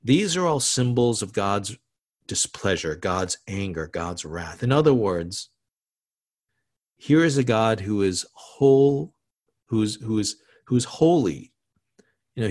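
A male pastor delivers a sermon in a mid-pitched voice, talking conversationally with frequent restarts and asides. He lowers his voice to a hush on solemn words, then lifts it again.

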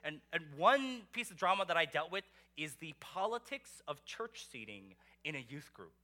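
A man preaching a sermon as pastor, animated and conversational, asking the congregation rhetorical questions. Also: fairly high pitch, moderate pace.

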